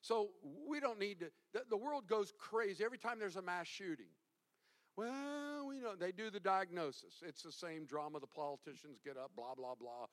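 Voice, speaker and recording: A male pastor preaching a sermon, animated and emphatic, swinging from hushed to loud. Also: high voice, fairly quick, hardly any pauses.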